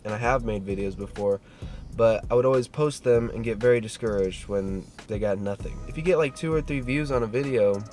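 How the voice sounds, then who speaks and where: Twenty-something guy vlogging, casual, swears, pumps up the viewer; average pitch, faint guitar bed. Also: brisk, a little mellow. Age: 20s. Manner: earnest, gets worked up and pep-talks the viewer; swears casually, says "dude". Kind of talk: casual motivational vlog talk.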